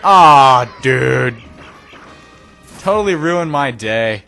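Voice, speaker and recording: A young man giving casual, self-deprecating gameplay commentary, breaking into sudden excited yelps. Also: medium pitch, extremely slow, creaky, faint music behind. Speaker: let's play commentator.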